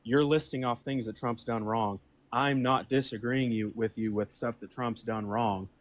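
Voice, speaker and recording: A man's voice: mid-range voice, low-quality recording. A man calling into a livestream debate, repeating himself insistently and appealing to his faith. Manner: repetitive, insistent, religious appeals. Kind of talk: heated debate.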